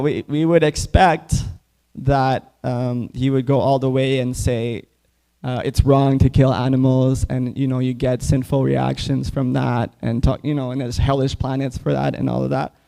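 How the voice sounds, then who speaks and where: A man's voice: mid-range voice, fairly even intonation, moderate pace, gravelly, mellow. A man speaking at a temple, giving a casual class on scripture with many "like" fillers. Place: temple hall.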